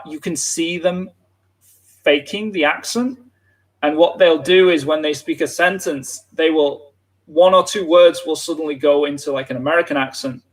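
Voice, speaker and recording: British male teacher in his thirties, fairly high voice, halting live-stream delivery, lots of ums. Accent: British English. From Britain. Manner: hesitant, many fillers and restarts. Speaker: English teacher, livestream host. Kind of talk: live online English lesson, casual.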